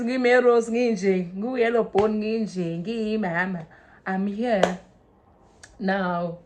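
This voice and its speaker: A young South African woman telling a story in a casual, animated way, mixing Zulu into English and swinging from loud to hushed. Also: medium pitch. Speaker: vlogger.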